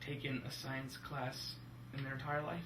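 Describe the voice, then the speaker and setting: A young man co-hosting a casual movie-review chat, animated and jokey. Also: medium pitch, moderate pace, slight background noise. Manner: animated, jokey, slips into silly voices. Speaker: film review podcast co-host. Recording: roomy room from a distance.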